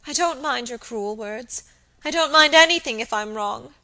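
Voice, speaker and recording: Frantic sobbing young maid, put on by a woman reader: high, shrill, pleading at full volume. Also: moderate pace. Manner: frantic, high and loud, breaking into sobs.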